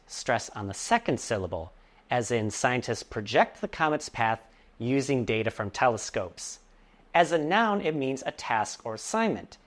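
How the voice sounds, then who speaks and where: An English teacher giving a scripted vocabulary lesson, explaining words clearly and slowly, with playful asides. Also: medium pitch.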